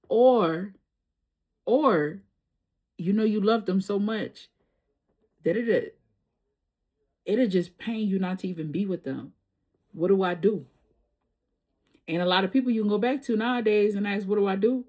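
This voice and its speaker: A woman's voice: medium pitch, moderate pace, pauses often, darkish tone. A woman doing a tarot reading, telling a personal story in casual, slangy speech and laughing often. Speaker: tarot reader.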